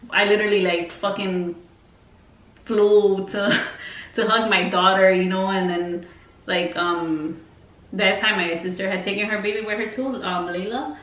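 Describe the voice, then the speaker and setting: A woman's voice: mid-range voice, fairly even intonation, unhurried, a bit bright. A woman vlogger telling a story casually, rambling with lots of fillers and swearing. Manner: rambling and heavily profane, full of fillers. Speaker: beauty vlogger. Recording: roomy, distant mic, faint noise.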